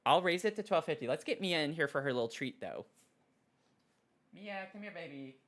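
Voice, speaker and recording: A man streaming casually at his desk mic, excitable and giggly, cooing softly to his pet between thanks to viewers. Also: a little high, quick pace. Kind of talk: casual live-stream chat. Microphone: desk microphone.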